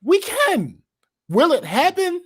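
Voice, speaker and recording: A man's voice: very high voice, huge pitch swings, slow pace. A man co-hosting a podcast in casual chat, blunt and profane, often laughing. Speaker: podcast co-host.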